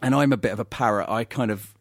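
A man telling lively anecdotes in casual chat as a guest actor, often laughing as he talks. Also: medium pitch, fast talker, no room sound, studio quality. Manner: animated, laughing storyteller.

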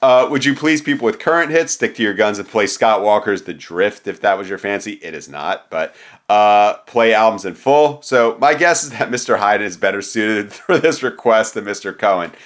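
A man's voice: fairly low pitch, lively intonation, moderate pace, a bit bright. A man co-hosting a casual podcast, talking in a loose, rambling way with casual swearing. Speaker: podcast co-host.

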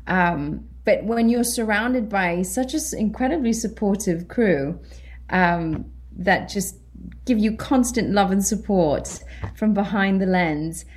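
A woman with a British accent, a guest actress chatting in an interview, animated and quick to laugh as she acts out what people said. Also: medium pitch, a little hiss or hum. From Britain. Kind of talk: casual interview chat.

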